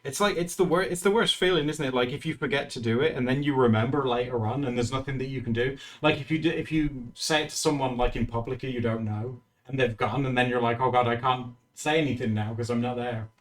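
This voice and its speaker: A man's voice: medium pitch, fast talker, hardly any pauses. A man streaming live, chatting casually with his viewers in a teasing way and laughing often.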